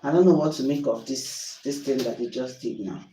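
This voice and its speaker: A woman's voice: extremely low pitch, moderate pace, warm tone, echoey room, distant mic, a little hiss or hum, rough recording. A Nigerian woman chatting on a livestream while cooking at home, exasperated and apologetic. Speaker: livestream host. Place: home kitchen.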